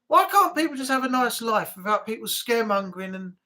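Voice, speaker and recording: A man's voice: extremely high pitch, expressive, fast talker, bright, forceful tone. A man hosting a casual live chat stream from home, chatty and grumbling, swearing now and then.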